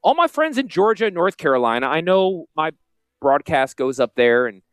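Lively high-voiced Yankee salesman-host. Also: smooth, no room sound. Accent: Northern US (Yankee). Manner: animated, salesy, quick jokey asides; self-described high-pitched voice. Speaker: financial advisor and radio host. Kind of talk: casual promotional podcast talk.

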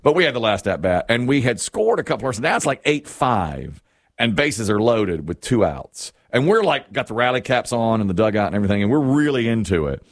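A male sports talk host chatting casually, with a lively voice that swings up and down. He is an animated storyteller who laughs easily, and he sounds close and dry with no room around him. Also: mid-range voice, a little fast, no room sound.

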